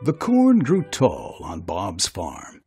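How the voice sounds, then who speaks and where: A narrator reading a children's storybook aloud in an expressive, sing-song way. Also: low-pitched, takes it slowly, gravelly, soft background music.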